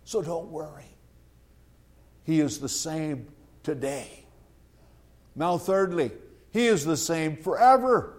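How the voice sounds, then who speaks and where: A man delivering a sermon in a high voice. He speaks slowly and deliberately, leaning on repeated phrases for emphasis. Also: darkish tone. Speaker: preacher.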